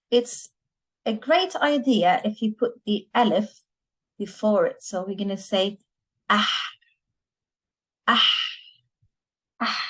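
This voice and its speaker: A woman from Lebanon teaches a beginner language lesson. She talks in an unhurried, deliberate way at a middle pitch. She says each word several times so learners can copy it. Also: low-quality recording. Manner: slow, deliberate, repeats words for learners to copy.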